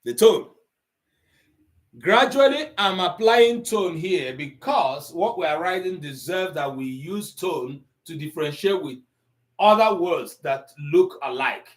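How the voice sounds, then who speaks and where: A man teaching an online language class, pausing often with ums as he explains tone. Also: a little high, lively intonation. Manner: slow, deliberate, with frequent ums and pauses.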